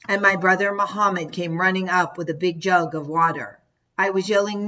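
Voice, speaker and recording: A woman reading a first-person memoir as an audiobook narrator, measured and steady, now and then raising her voice for quoted shouts. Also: on the low side. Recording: dull lo-fi audio.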